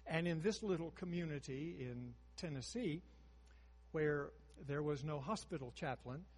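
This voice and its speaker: A man in his sixties preaching a sermon, moving between hushed storytelling and emphatic rises. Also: on the high side, measured pace, long reverb tail.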